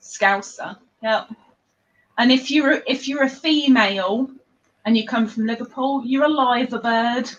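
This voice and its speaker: A chatty woman hosts a casual livestream and teases her guests as she talks. Her voice sits a little on the high side. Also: unhurried, highs cut off. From England. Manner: chatty, animated, teasing. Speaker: livestream host.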